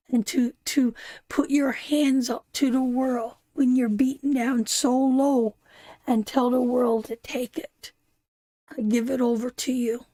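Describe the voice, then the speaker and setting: A woman's voice: high-pitched, fairly even intonation, a little slow, dark tone, no echo. A tearful woman hosting a live tarot stream, chatting affectionately with viewers and calling them darling and sister. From Canada.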